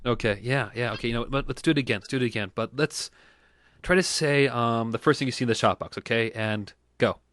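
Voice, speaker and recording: A man's voice: mid-range voice, fairly quick, a bit bright, no room sound. A man hosting a casual podcast, joking around and trying out character voices. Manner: playful, jokey, laughs often. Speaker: podcast host. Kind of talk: casual chat, doing voices.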